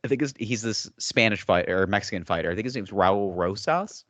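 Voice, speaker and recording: A man's voice: on the low side, a little fast, fairly bright tone, no echo. A young man co-hosting a podcast, telling rambling stories and acting out what people said. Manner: rambling storyteller, acts out quotes. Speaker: podcast co-host. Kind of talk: casual chat.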